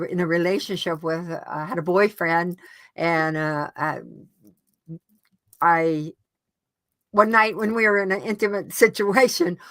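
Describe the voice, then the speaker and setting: A woman as an interview guest, recounting a personal experience in an earnest, halting way with frequent restarts. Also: fairly low pitch, fairly bright tone, dry recording. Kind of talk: casual personal storytelling.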